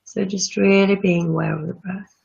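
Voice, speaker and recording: Yoga teacher lady talking u thru a breathing meditation, slow n soothing, bit gravelly. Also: mid-range voice, steady tone, darkish tone. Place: room with chairs, not a studio. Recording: dull lo-fi sound.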